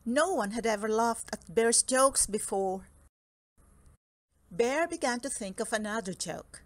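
A woman reading a children's picture book aloud with slow, expressive storytelling. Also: on the high side, a little hiss or hum. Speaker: storybook reader. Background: soft music.

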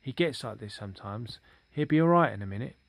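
A man's voice: medium pitch, lively intonation, brisk, dry recording. A man voicing a polite, hesitant young male rabbit in a storybook reading, speaking respectfully and earnestly.

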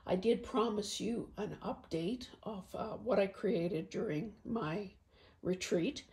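Woman, croaky hoarse voice, craft vlog host, halting, frequent throat clearing, unhurried. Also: mid-range voice, darkish tone. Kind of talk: casual show-and-tell vlog. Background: faint traffic noise.

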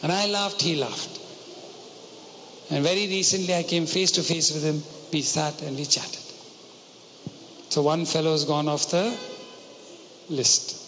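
A man's voice: a little high, fairly even intonation, a little slow, long pauses, a bit bright. A man preaching a sermon, telling a personal story and putting rhetorical questions to the congregation. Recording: long hall reverb, faint noise.

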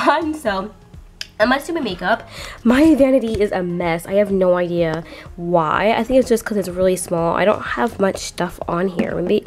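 Teen girl vlogging on a little camera, chatty and rambly, um and like everywhere, faint music under it. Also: medium pitch. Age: teens. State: crying. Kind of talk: casual vlog chat. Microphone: handheld compact camera.

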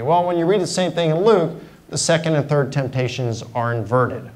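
A man's voice: on the high side, normal speed, darkish tone, poor audio. A middle-aged man giving a university guest lecture in a conversational way, explaining points through simple examples. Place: lecture hall.

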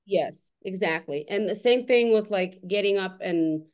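A woman hosting a casual podcast chat, English not her first language, telling stories in an animated way and swearing freely. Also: mid-range voice, moderate pace. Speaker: host.

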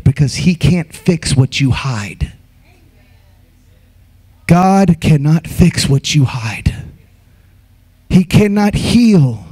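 Emphatic preacher with a higher voice. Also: male voice. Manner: emphatic preaching with acted asides and shouted quotes. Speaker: pastor. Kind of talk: Easter sermon.

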